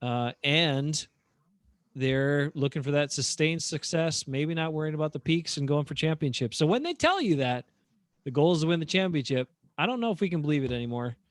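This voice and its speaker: A man's voice: fairly high pitch, expressive, brisk, no room sound. A man co-hosting a casual sports chat show, opinionated and rambling with fillers. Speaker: podcast co-host.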